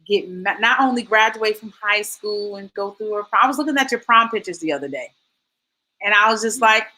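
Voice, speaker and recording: A woman in her forties hosting a casual chat, telling lively stories and acting out quotes. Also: mid-range voice, moderate pace, poor audio. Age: 40s. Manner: animated storytelling, acts out quotes. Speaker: host.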